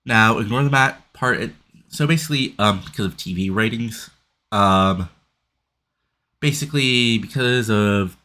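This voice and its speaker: Stuffy-nosed guy, lowish voice, rambling game commentary, lots of ums. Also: measured pace, sharp tone. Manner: rambling, many fillers and restarts. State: stuffed up, congested. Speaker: host playing a wrestling booking sim.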